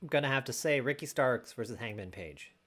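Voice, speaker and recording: A man co-hosting a wrestling podcast, talking in a relaxed, casual way and thinking aloud with many fillers. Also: mid-range voice, brisk. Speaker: podcast co-host. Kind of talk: casual post-show chat.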